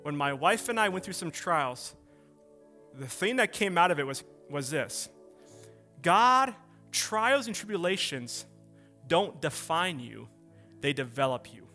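High, bright-voiced preaching man. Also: big pitch swings, measured pace, pauses often, faint music behind. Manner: impassioned preaching with rhetorical questions. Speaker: pastor. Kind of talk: sermon.

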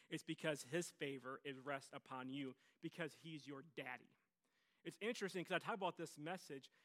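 A man's voice: a little high, sharp tone. A man preaching a sermon as pastor, telling stories with energy and repeating his phrases for emphasis.

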